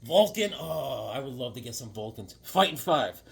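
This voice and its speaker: A man casually showing off his sketches and comics in an excitable, rambling, jokey way. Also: medium pitch, normal speed, vocal fry, slightly rough. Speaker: comic book vlogger. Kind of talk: casual show-and-tell vlog.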